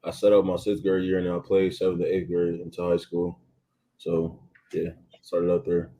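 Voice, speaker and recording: A young man in his twenties, a college football player, giving relaxed interview answers full of ums and you-knows. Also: deep voice, moderate pace. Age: 20s. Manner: laid-back, many ums and you-knows. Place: athletes' training facility.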